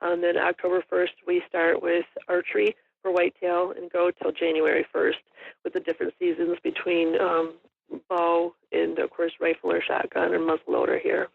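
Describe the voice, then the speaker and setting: A middle-aged woman chats as a podcast guest, her voice carrying a gravelly rasp. She rambles along with frequent ums and small laughs. The audio is dry, close and a little muffled. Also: fairly low pitch, completely flat delivery, normal speed, no echo. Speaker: guest, hunter and store owner. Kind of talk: casual storytelling in an interview.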